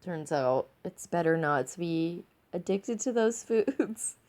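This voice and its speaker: A woman's voice: lowish voice, expressive, takes it slowly, darkish tone. A tipsy woman vlogging in a casual, rambling way, giggling often between her words. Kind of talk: casual rambling chat to camera.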